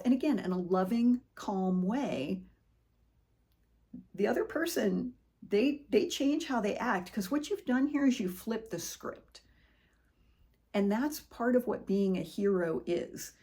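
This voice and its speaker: Middle-aged woman host, earnest conversational motivational speaker, storytelling tone. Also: medium pitch. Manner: earnest, conversational storytelling with animated quoted voices. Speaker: podcast host. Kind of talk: personal motivational monologue.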